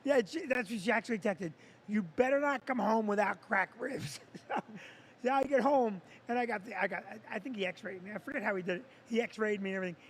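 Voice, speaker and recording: A middle-aged male comedian spins a story in casual chat, exaggerating for laughs. His voice sits high for a man and has a husky edge. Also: fairly quick. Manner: animated, exaggerated retelling. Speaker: comedian and co-host.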